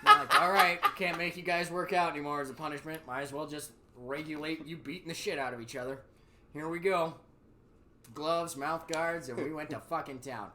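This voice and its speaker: A man's voice: a little high, brisk, a little hiss or hum. A man in his thirties hosting a podcast, telling profane stories in casual chat and acting out other people's lines in raised voices. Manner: profane, animated, acts out quotes in raised voices. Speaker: podcast host.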